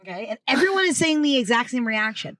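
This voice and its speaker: A woman chats as a guest in a car with a slightly high voice whose pitch swings widely. She tells her stories in a chatty, lively way and laughs easily. The recording is dry and close. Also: fast talker, no room sound. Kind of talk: casual chat. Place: inside a car.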